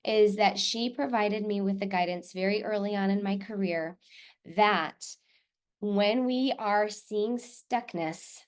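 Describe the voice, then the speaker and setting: A woman's voice: medium pitch, slow. Affirming woman leading a workshop. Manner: warm, affirming, reflective, with filler ums. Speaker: workshop presenter. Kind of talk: live online workshop, reading out participant responses.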